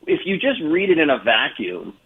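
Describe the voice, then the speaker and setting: A man's voice: on the high side, big pitch swings, normal speed, slightly rough. A man speaking as a reporter guest on a radio show, in a musing, conversational way, over a tinny phone line.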